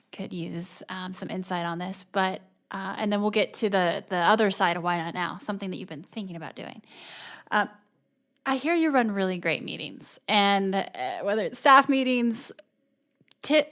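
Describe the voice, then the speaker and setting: A woman's voice: mid-range voice, a bit bright. A woman hosting a podcast interview, upbeat and laughing easily as she asks questions. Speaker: podcast host. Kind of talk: conversational interview.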